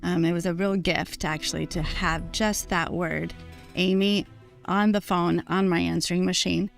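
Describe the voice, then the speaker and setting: A woman telling a documentary interviewer about her father's captivity, speaking in an emotional, halting way with restarts. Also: fairly low pitch, steady tone, creaky. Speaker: daughter of a hostage. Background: faint music.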